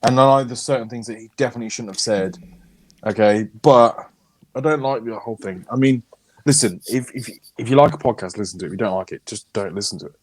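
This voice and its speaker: A man co-hosting a casual podcast, chatting with animated energy and plenty of swearing. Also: mid-range voice, fast, no room sound. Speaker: podcast co-host. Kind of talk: casual banter.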